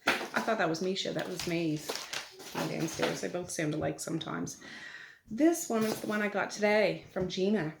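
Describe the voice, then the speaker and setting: A middle-aged woman chatting casually while she opens mail at home, with soft laughs between remarks. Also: lowish voice, a little slow, gravelly, long pauses. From Nova Scotia, Canada. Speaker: vlogger. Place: family home at night. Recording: echoey room, audible background noise.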